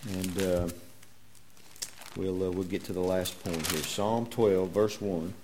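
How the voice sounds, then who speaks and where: A man's voice: deep voice, steady tone, slow pace, darkish tone, a little hiss or hum. A man preaching a sermon in a church, folksy and joking, firing rhetorical questions at the congregation. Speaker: pastor.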